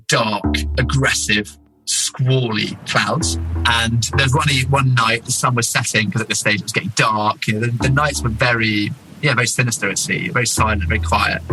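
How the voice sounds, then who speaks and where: A man, an explorer telling an expedition story with animated asides and many fillers. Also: mid-range voice, normal speed, over music, poor audio. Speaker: explorer guest. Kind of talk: casual storytelling.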